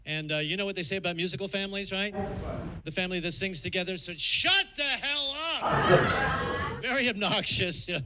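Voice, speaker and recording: A man's voice: sits high, fast talker, bright, forceful tone, some chatter behind, slight background noise. A man doing a stand-up comedy set, joking and slipping into impressions, with audience laughter in the room. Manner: jokey, breaks into sung bits and impressions. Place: comedy show venue. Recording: live club mic with audience laughter.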